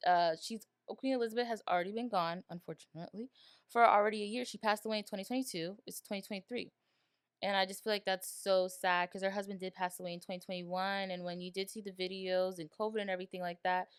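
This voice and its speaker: A woman hosts her own podcast and talks through a TV series in a rambling, emotional way. Her voice sits a little low and comes across smooth and clear. The recording is dry and close. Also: fairly bright tone, no echo. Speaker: podcast host. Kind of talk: casual solo podcast review.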